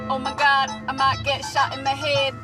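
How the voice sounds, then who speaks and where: A woman acting out a terrified victim caught in a shootout, screaming in a high, shrill voice that barely moves off one note. Loud music pounds behind her. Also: completely flat delivery, moderate pace, lightly acted. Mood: panicked. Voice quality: shrill, shouting.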